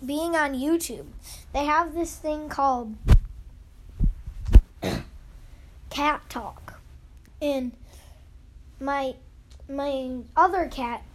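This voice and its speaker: A woman's voice: high-pitched, a bit bright. A young girl rambling playfully as the host of her own pretend podcast, acting out little scenes. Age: child. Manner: rambling, goofy, acts out scenes.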